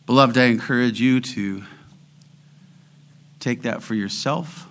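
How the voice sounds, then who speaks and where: A man preaching a sermon and leading prayer, swelling loud on scripture and dropping to a hush when he prays. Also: fairly low pitch, fairly even intonation, a little slow, long pauses. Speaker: pastor.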